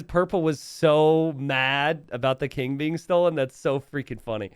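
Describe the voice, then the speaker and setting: His fairly high voice moves at a measured pace with hardly any pauses, clear and resonant, in clean studio sound with no room noise. On stream as a game caster, he reacts to viewer memes, giggling mid-sentence, animated, chatty, teasing, and correcting himself.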